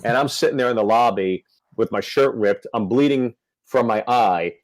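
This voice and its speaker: A man's voice: medium pitch, moderate pace, no room sound, low-quality recording. A male comedian telling a story on a podcast, acting out the quotes. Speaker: comedian guest.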